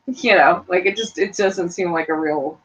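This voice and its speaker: A middle-aged mother co-hosts a casual chat show in a lowish voice at normal speed, animated and chatty, laughing often and putting on voices to quote people. The recording is dull and lo-fi.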